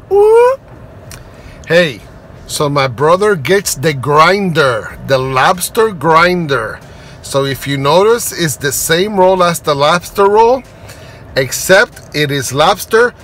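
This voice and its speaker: A man reviewing restaurant food in a casual vlog, excitable and playful, punning and breaking into high exclamations. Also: a little hiss or hum.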